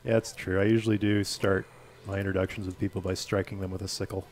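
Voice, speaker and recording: A man's voice: low voice, little pitch movement, fast, a little mellow, a little hiss or hum. A man chatting casually and teasingly while hosting a video game livestream. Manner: joking, teasing, playful. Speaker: livestream host. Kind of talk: casual gaming livestream chat.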